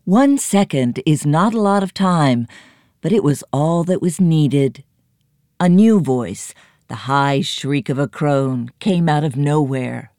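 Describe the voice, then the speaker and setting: Woman, storybook narrator, very low voice, slow measured reading, dry close mic. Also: expressive, dark tone, no echo. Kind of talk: scripted narration of a children's story.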